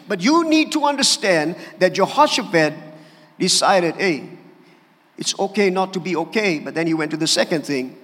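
A male pastor, preaching an animated sermon and calling for amens. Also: high voice, normal speed. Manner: animated preaching with calls for amen. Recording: church hall reverb.

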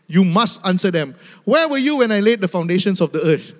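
A man's voice: sits high, sing-song, brisk. A male preacher voicing God as a stern, sarcastic questioner, heard in a reverberant hall. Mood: sarcastic challenge.

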